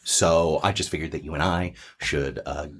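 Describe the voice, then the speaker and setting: A man's voice: rumbling low, fairly even intonation, normal speed, a bit bright, slightly rough, voice pushed down, full character voice. A man voicing a small winged female cat in a tabletop game, hesitant and full of ums and uhs, shy but protective. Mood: earnest. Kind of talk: tabletop role-play voice acting.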